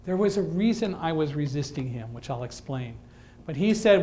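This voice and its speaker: Speaking to an audience at a moderate pace, a male guest speaker with a voice on the high side tells a lively story. He uses dry humor and voices the characters' lines himself.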